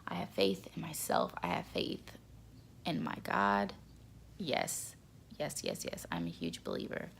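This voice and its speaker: A young woman talks casually to her camera, excitable and repeating herself for emphasis. Her nose is stuffed up, and her voice crackles with heavy vocal fry. Her pitch leaps around animatedly. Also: a little slow. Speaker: vlogger.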